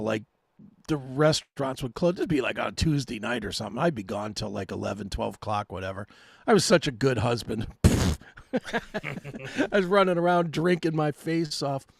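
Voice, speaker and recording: A male co-host telling a profane, self-mocking story in animated casual chat. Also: medium pitch, creaky, no room sound, studio quality.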